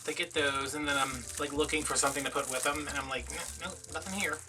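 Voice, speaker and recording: A man's voice: fairly high pitch, flat delivery, quick pace, recorded from a distance, over music. A man from Louisiana, chatting through a rambling, sarcastic story in a casual vlog. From Louisiana, USA. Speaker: crafting vlogger.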